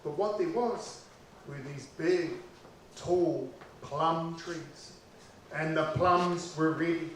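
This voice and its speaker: A man with a New Zealand accent telling a childhood story in an animated way, repeating lines for effect. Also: a little high, slow pace, heavy reverb, distant mic, slight background noise, rough recording.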